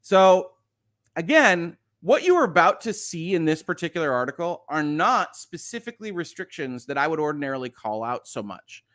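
A man's voice: a little high, sing-song, moderate pace, fairly bright tone, dry recording, studio quality. A man hosting a live-streamed news show, commenting on stories and reading viewer chat, hesitant, with many restarts and frequent chuckles. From United States.

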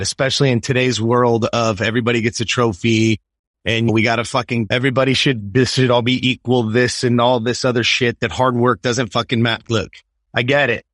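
A man in his fifties tells a personal story as an interview guest. He speaks in an emphatic, swearing way at a mid-range pitch, and the recording is dry and close. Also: fairly bright tone, no echo. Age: 50s. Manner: emphatic and profane, keeps asking "right?". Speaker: podcast guest.

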